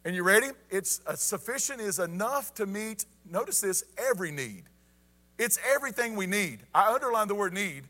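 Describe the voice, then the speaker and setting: A man's voice: high-pitched, expressive, moderate pace, sharp tone. A man preaching a folksy evening sermon, often asking "you ready?" and saying "y'all".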